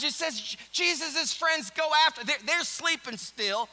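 High bright-voiced male pastor preaching. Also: measured pace, hardly any pauses, poor audio. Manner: swings from hushed near-whisper to loud urgent exhortation. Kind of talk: sermon. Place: church sanctuary.

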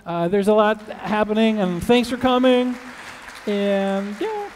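A man with a high voice stands before a conference crowd and tells jokes, stopping to ask whether listeners follow. The sound rings with the long reverb of a large hall. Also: animated, slow, a little hiss or hum. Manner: playful, asks the audience questions. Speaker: conference speaker. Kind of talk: joke-telling talk to an audience.

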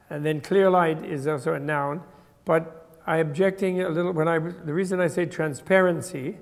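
An older man lectures on translation, his voice slightly high and gravelly. He explains at length, correcting himself mid-sentence. The sound carries a long hall reverb. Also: darkish tone. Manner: thoughtful, explanatory, with restarts. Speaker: Buddhist teacher. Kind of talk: lecture to a class.

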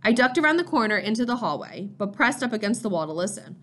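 A woman reading a first-person novel aloud in a steady, measured storytelling voice. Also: on the high side. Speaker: audiobook reader. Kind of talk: first-person scripted narration.

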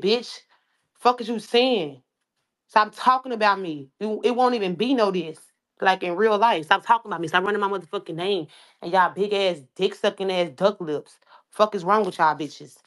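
A woman rapper delivering an angry, profane, confrontational livestream rant, repeating herself as she goes. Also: mid-range voice.

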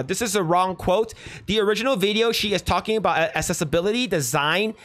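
A man's voice: a little high, fairly bright tone, no echo. A man chats loosely to his livestream audience, restarting sentences and repeating words as he goes. He reads viewer comments aloud and reacts in a plain, everyday voice. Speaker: livestream host.

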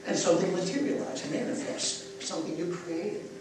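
Man leading a breathing session, joking around with the crowd, high voice, really echoey and far from the mic. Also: normal speed, over music. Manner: playful, jokey asides between calm guided instructions. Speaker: breathwork teacher. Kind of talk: guided breathing talk to a live audience. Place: live festival session. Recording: echoey, distant room recording with noise.

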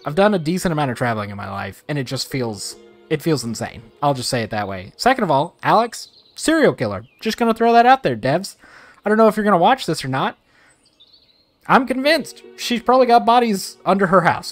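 A man giving excitable let's-play commentary, talking straight to his viewers and ranting playfully. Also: fairly high pitch. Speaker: gaming video creator.

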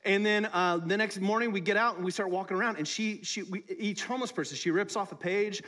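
High-voiced pastor preaching casually. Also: male voice, fast, pushed and bright. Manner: conversational, playful, talks to the congregation. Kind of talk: sermon. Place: church service.

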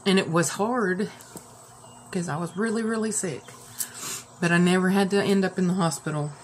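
A woman's voice: on the low side, normal speed, slight background noise. A woman hosting a casual live stream, upset and near tears, rambling with many fillers and restarts.

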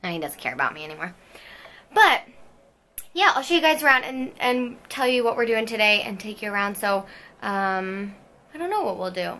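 A young woman in her twenties vlogging casually at home, gushing and gasping with excitement as she unboxes a gift. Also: medium pitch, moderate pace. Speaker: fitness vlogger. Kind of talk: casual vlog.

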